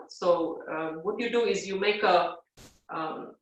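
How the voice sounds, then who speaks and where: In a live guided yoga class, a woman with a fairly low voice slowly talks students through breathing, adding gentle fillers and a soft "yeah?" after each step. The recording device sits far from her, and the room is highly reverberant.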